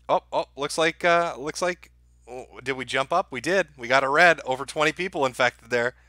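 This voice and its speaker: Addressing his chat directly, this live streamer keeps up a brisk stream of crude, sarcastic, swear-heavy remarks. The voice sits at a middling pitch, bright and forceful, and the recording is dry without any surrounding room sound.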